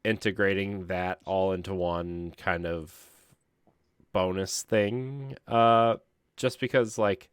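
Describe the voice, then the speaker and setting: A man's voice: low-pitched, fairly even intonation, takes it slowly, smooth, no echo, studio quality. A man co-hosting a gaming podcast, tired, joking and laughing through a rambling casual chat. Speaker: podcast co-host.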